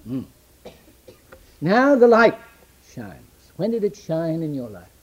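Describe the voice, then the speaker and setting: A man preaching a sermon, swinging between loud declamation and hushed near-whisper, quoting scripture in old-fashioned wording. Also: fairly high pitch, big pitch swings, slow, slightly rough, highs cut off.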